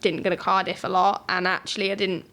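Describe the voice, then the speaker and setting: Young woman from Wales, chatty interview guest, animated storyteller. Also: lowish voice, fast talker. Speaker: guest, para table tennis player. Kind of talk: casual interview chat.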